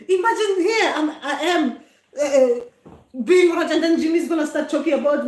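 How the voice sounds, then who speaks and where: High-voiced South African woman, chatty and laughing. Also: moderate pace, darkish tone, reverberant. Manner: laughs often, exclaims "ay, ay". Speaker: traditional healer hosting a live stream. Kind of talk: casual live-stream chat. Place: home room.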